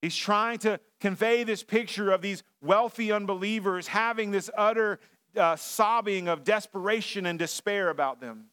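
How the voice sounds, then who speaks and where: A man's voice: high voice, normal speed, a bit bright, smooth. Man preaching a conversational sermon. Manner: conversational preaching with frequent fillers and restarts. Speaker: pastor. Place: church sanctuary.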